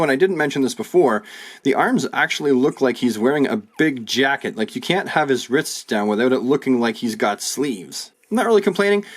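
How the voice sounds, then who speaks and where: A man in his thirties casually reviewing action figures, chatty and enthusiastic with joking asides. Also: on the high side. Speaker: toy reviewer.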